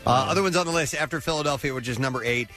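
A man's voice: a little high, very fast, bright, forceful tone, faint music behind. A man with a Saint Louis accent hosting a casual morning radio show and taking callers. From Saint Louis, USA. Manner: chatty, takes callers.

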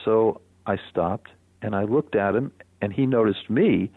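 An older man, a radio guest, telling a personal story in a reflective, animated way with soft chuckles. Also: fairly low pitch, a little slow, gravelly, husky, no echo. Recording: phone-line radio interview.

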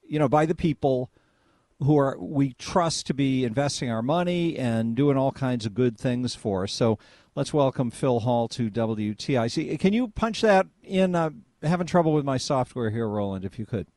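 A man's voice: mid-range voice, animated, moderate pace, a little mellow, no echo. A man hosting a talk radio show, interviewing a guest in a rambling way with many fillers and restarts.

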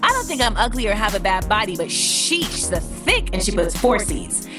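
A woman's voice: medium pitch, big pitch swings, normal speed, music in the background. A young woman hosting a casual chat and answering listener questions in a blunt, candid, sometimes profane way. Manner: blunt, candid and profane, with playful voices for quotes.

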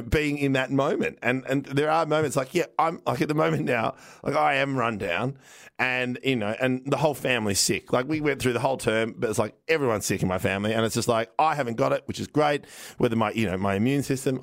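A man's voice: medium pitch, fast, creaky, no room sound, studio quality. Rambling Australian man, casual chat. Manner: rambling storyteller, many fillers. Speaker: podcast host.

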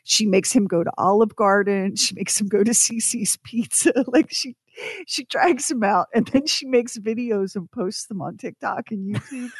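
A woman's voice: medium pitch, normal speed, breathy edge, no echo. A woman hosting a radio show, telling a story in an amused, chatty way. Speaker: radio host. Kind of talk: casual radio chat.

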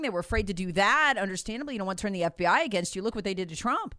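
A woman's voice: medium pitch, lively intonation, rapid-fire, hardly any pauses, bright, forceful tone, no room sound. Emphatic woman, close dry mic. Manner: emphatic, repeats points, acts out others' voices. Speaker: political commentator guest. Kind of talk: animated political talk.

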